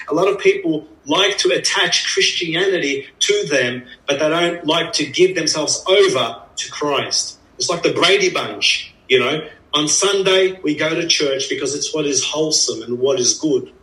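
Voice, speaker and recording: A man preaches an earnest, emphatic sermon, repeating phrases for stress. His voice is on the high side and fairly bright, at a moderate pace. He's heard from a distance in an echoey room.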